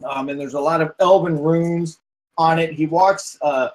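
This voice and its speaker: A man whose voice sits on the high side acts as game master for a tabletop game, and the recording is rough. He narrates scenes at an unhurried, steady pace, rambling with lots of fillers and restarts as he describes things.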